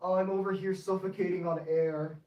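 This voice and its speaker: A young man streaming his model railway layout in casual commentary, excitable and prone to yelling at the trains. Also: high-pitched, a little fast, muffled recording. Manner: excitable, yells at toy trains.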